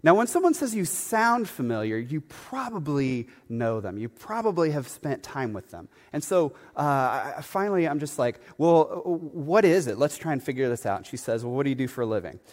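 A man's voice: mid-range voice, normal speed, few pauses. Chatty male pastor in a reverberant hall. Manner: animated, chatty storyteller with many fillers and asides. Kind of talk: storytelling sermon. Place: church sanctuary.

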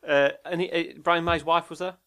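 A man's voice: on the high side, fairly even intonation, a little fast, fairly bright tone, smooth. A man co-hosting a casual chat show, rambling and hesitant as he looks things up while talking. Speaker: co-host.

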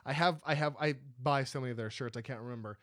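A man co-hosting a casual film chat, excitable and swearing a lot as he talks. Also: mid-range voice, fast talker, no room sound, studio quality. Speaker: podcast co-host.

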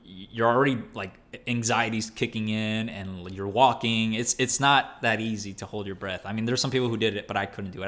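A young man telling a story in casual, animated speech, full of slang, fillers and restarts. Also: fairly low pitch. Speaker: storyteller recounting training.

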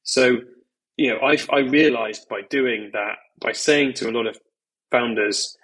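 A man's voice: mid-range voice, slow, long pauses, fairly bright tone, slightly rough, rough recording. A man, a venture investor, speaking candidly and emphatically as a podcast guest, with many "you know"s and "like"s. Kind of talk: podcast conversation.

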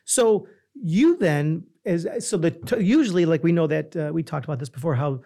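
A man's voice: a little high, animated, normal speed, mellow. A man hosting a podcast, chatting casually, asking questions and rambling with lots of fillers and restarts. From Italian heritage. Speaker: podcast host. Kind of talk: casual chat.

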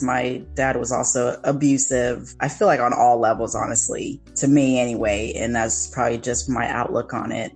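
A woman podcast co-host telling a personal story in an earnest, reflective way, slowing down to stress key words. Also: rumbling low, poor audio. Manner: earnest, reflective, with slowed emphasis.

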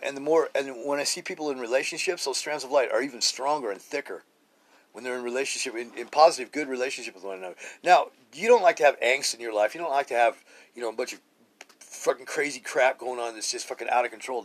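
Rambling middle-aged man on a phone mic. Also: mid-range voice. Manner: casual, profane, repetitive with many restarts. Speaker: podcast host. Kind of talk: rambling spiritual podcast monologue. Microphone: cheap phone.

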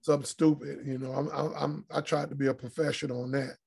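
A quick-paced, slightly high voice, husky and carrying vocal fry, belongs to a middle-aged former pro basketball player. Appearing as a podcast guest in a casual interview, he tells stories that are profane, blunt, and animated.

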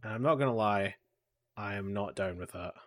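A man's voice: lowish voice, fairly bright tone. Hesitant man co-hosting a chat. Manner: hesitant, halting, many fillers and restarts. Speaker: podcast co-host. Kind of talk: casual chat about anime and pop culture.

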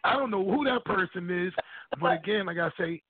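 A man's voice: high voice, fairly quick, husky, no room sound. A man guest on a radio show, talking bluntly and profanely in casual chat, acting out quotes. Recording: dry tinny phone line.

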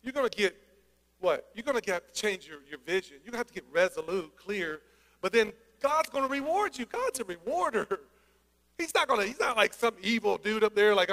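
A man preaching a sermon, energetic and conversational, with joking asides. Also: sits high, brisk. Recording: long hall reverb.

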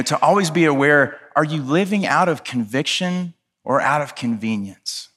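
A man's voice: medium pitch, a bit bright. A man, a pastor, preaching a sermon in an earnest, impassioned way, telling stories with conversational asides.

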